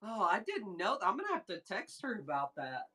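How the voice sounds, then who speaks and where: A woman hosting a casual live sales stream, chatting excitedly with viewers and reading their comments aloud. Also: mid-range voice, a little fast, husky. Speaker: livestream seller host. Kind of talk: casual livestream chat with viewers.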